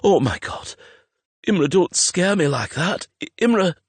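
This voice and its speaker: A man voicing a frightened young man who shouts and pleads desperately. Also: fairly high pitch, expressive, slow pace, breathy edge, no room sound, pitched above the performer's own voice, exaggerated voice. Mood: shaken pleading.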